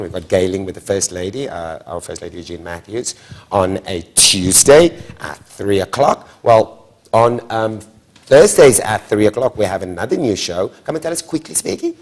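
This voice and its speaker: A man with a South African accent hosting a lively studio show, playful and teasing in quick banter. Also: fairly low pitch. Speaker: host.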